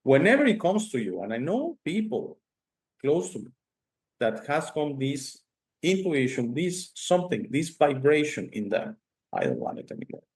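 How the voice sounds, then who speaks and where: A man's voice: fairly high pitch, unhurried. A male host with Spanish as his first language, telling stories emphatically and tagging sentences with "okay?". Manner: animated storytelling, frequent "okay?" tags, emphatic. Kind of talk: casual conversation.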